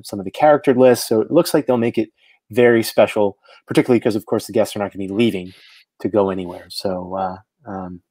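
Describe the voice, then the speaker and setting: A man's voice: fairly low pitch, a little mellow, no room sound. A man in his thirties co-hosting a podcast, talking casually and hesitantly, with many filler words. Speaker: podcast co-host. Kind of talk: casual news chat.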